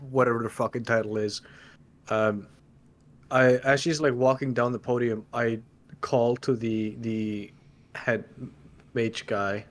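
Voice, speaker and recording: Halting, joking man at a game table. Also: medium pitch, fairly even intonation. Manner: halting, stumbling, self-joking. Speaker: player. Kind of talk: casual tabletop play.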